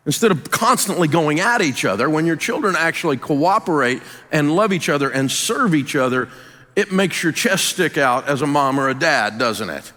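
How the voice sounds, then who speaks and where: An older man with a Southern US accent giving a folksy, emphatic business talk, dropping his voice low to stress points. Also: animated, normal speed, sharp tone, in a large hall. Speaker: business speaker and radio host.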